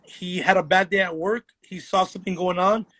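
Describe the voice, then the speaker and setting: A man guesting on a podcast tells an eerie story in an earnest way and slows down on the creepy parts. His voice is fairly high for a man, with a husky edge. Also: fairly even intonation, fairly bright tone. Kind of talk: casual chat, storytelling.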